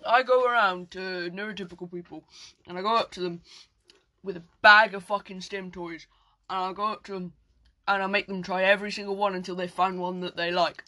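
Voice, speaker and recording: A podcast co-host, talking in a bright, clear tone. The delivery is blunt and full of swearing, with easy laughter in loose banter. The sound is dry and close, with no room echo. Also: mid-range voice, steady tone, a little fast. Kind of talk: crude casual banter.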